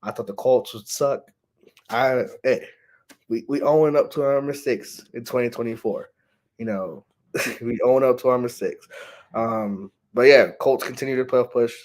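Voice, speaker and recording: Male co-host, average pitch, easygoing and chuckling, casual sports talk. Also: moderate pace, darkish tone. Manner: easygoing, laughs often.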